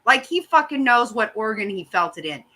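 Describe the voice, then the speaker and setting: A woman's voice: fairly high pitch, sing-song, moderate pace, sharp tone, poor audio. A middle-aged woman hosting a casual chat, ranting bluntly and swearing often. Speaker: host.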